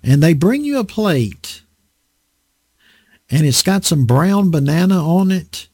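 Guy preaching a chatty sermon, fairly high voice that jumps around a lot, asks the crowd questions. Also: slow, breathy edge, no room sound, clean studio sound. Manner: animated, asks the audience rhetorical questions. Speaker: preacher teaching a Bible lesson. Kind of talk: conversational sermon.

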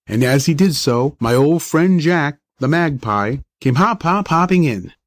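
A man narrates a story aloud at a measured pace with a middle pitch. The sound is dry and close. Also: no room sound. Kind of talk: audiobook narration.

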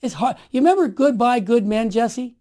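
A man in his sixties telling stories as a guest, energetic and emphatic, acting out what others said. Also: very high-pitched, normal speed. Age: 60s. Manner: energetic and emphatic, acts out quoted voices. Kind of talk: animated storytelling.

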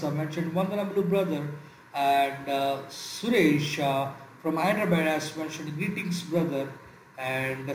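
Man, church broadcast host, halting delivery, slightly raised pitch, roomy echo. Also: slight background noise. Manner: halting, many filler sounds. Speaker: radio program host and preacher. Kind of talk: church radio broadcast greetings. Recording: echoey room.

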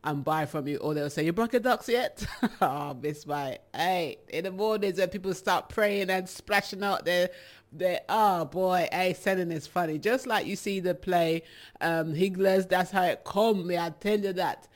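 A woman with a British accent, chatting casually to her viewers as a rambling, animated storyteller. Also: fairly low pitch, unhurried. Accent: British English. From England. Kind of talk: casual chat.

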